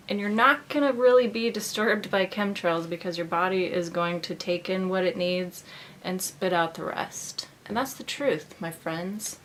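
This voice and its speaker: Bright-voiced rambling woman. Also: medium pitch, slight background noise. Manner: rambling, full of "like". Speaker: vlogger. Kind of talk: casual rambling monologue.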